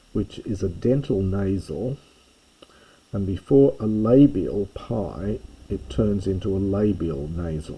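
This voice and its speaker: A man with a very low, dark voice works through a classical text, unhurried and patient. His tone is husky, and he pauses over words, leaning on each translation. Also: rough recording. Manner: thoughtful, pauses with fillers, stresses translations. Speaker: classics teacher reading Homer. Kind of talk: slow line-by-line Greek lesson.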